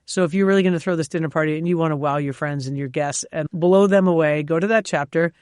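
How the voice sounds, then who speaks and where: A woman chef from New York, a guest on an interview show, telling lively stories with frequent laughs and fillers. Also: deep voice, fast, smooth, dry recording, studio quality. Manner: animated storyteller, laughs often, many fillers. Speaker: chef and cookbook author, guest. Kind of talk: casual interview chat.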